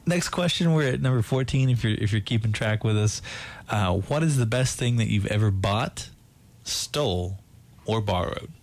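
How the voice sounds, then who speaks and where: A man's voice: fairly low pitch, animated, normal speed. A man hosting a podcast, asking interview questions in an upbeat way and often repeating words. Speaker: podcast host.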